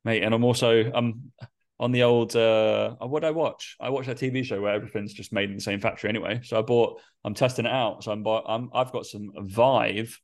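A young man co-hosts a podcast with a slightly low voice. He talks in loose, rambling banter, laughs often and drops the odd swear word. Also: fairly even intonation, fairly quick. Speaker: podcast co-host.

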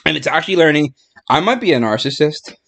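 Giggly man with a lively, swooping voice. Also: fairly high pitch, quick pace. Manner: giggly, breaks into laughing fits. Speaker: podcast host. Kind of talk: casual podcast chat. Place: in-person podcast room.

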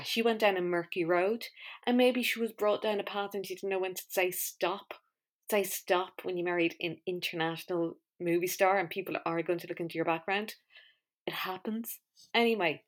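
A woman hosting a podcast in a chatty, wry, self-mocking monologue. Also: on the low side. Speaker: podcast host. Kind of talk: casual monologue.

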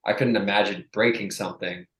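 A young adult man, a strength coach, telling a profane, animated story in casual chat and acting out the people he quotes. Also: fairly low pitch, a little fast, echoey room, low-quality recording.

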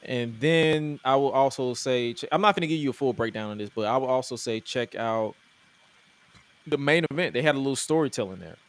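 Man, podcast co-host, casual wrestling chat, mid-pitched voice, joking rambling delivery. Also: a little fast. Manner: loose, joking, rambling with restarts.

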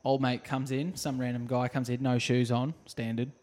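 An Australian man co-hosting a podcast in loose, casual chat. He rambles through his stories and swears freely, at a medium pitch. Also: flat delivery, normal speed, darkish tone, a little hiss or hum. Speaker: podcast co-host.

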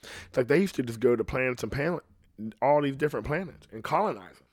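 A man hosting a casual podcast, rambling and swearing freely, swinging between loud outbursts and low muttering into a podcast microphone. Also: lively intonation, quick pace. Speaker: podcast host.

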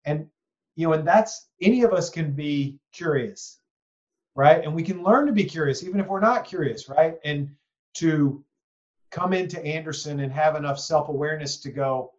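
A man from East Texas hosts a podcast interview, reflective and rambling, full of asides and tag questions like "you know" and "right?". His voice is fairly high, a little mellow, at a moderate pace, and the sound is lo-fi.

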